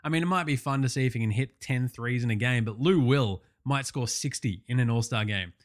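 A man's voice: mid-range voice, brisk. An Australian man hosting a sports podcast, ranting casually with lots of swearing and heated outbursts. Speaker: podcast host.

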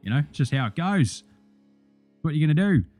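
A man's voice: on the high side, brisk, soft background music. Australian man with a raised voice, swearing. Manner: profane, excitable, jokey. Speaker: podcast host. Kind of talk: sports results recap.

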